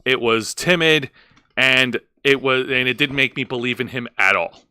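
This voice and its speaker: A man's voice: medium pitch, normal speed, pushed and bright, clear, resonant tone, no room sound. A man co-hosting a wrestling review podcast who speaks bluntly and matter-of-factly. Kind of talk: casual podcast chat.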